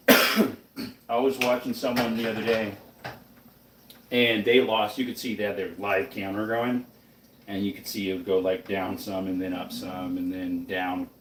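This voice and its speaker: Man, sleepy, rambling cooking-stream host; lowish voice, picked up from across a roomy kitchen with faint background hum. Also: a bit bright. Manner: rambling, chatty, talks to his chat between tasks. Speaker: live streamer cooking breakfast. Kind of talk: casual live-stream chat while cooking. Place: home kitchen, indoors. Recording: roomy kitchen, mic off at a distance.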